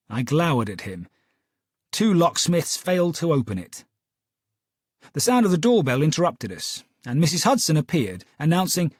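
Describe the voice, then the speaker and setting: A man narrating a story in a measured, expressive way. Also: on the high side, husky, dry recording, studio quality. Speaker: audiobook narrator. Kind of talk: scripted narration.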